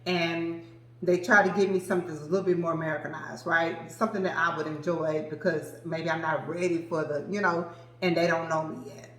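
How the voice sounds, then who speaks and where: A woman's voice: sits low, fairly even intonation, brisk, roomy sound, poor audio. A woman in her forties reviewing perfumes in a casual, chatty way, gushing and addressing viewers as "girl" and "y'all". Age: 40s. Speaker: vlogger reviewing fragrances. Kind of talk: casual chat to camera.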